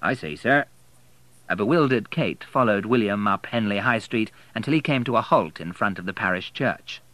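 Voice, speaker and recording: A man narrating an audiobook in a measured, expressive way. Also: fairly low pitch, no echo, rough recording.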